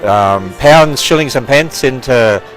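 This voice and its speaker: Australian man in his 60s, casual tour host, joking with visitors, even mid pitch, light music under. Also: slow, rough recording. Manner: chatty, jokey, laughs often. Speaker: ministry president giving a tour. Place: walking through a building and outdoors.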